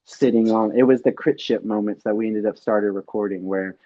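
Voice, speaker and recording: A man telling race stories in a casual interview, animated, acting out what others said. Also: lowish voice, a little fast, dull audio. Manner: animated storyteller, acts out quotes loudly. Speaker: pro bike racer guest.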